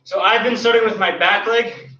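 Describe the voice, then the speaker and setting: Out of breath martial arts guy counting kicks, high voice, echoey studio, far from the mic. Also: steady tone, moderate pace, bright, forceful tone, slight background noise. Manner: counts and cues moves while demonstrating kicks. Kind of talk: online class instruction. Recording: roomy, distant, dull sound.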